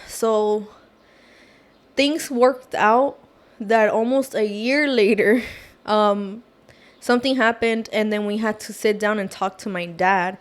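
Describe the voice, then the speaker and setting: A woman's voice: medium pitch, unhurried. A woman guest on a podcast, telling a personal story casually, with lots of "like" and "oh my gosh". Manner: animated, fillers like "like" and "oh my gosh".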